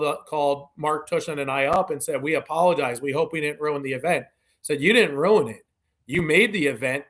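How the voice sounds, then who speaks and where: A man's voice: fairly high pitch, fairly bright tone. A man, a podcast guest, telling stories in a casual interview, acting out quoted dialogue with many "you know" fillers. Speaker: podcast guest, community event organizer.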